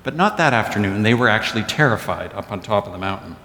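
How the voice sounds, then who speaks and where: A man's voice: on the low side, animated, quick pace, pushed and bright. A man giving a sermon as pastor, telling stories with wry asides. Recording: echoey church hall.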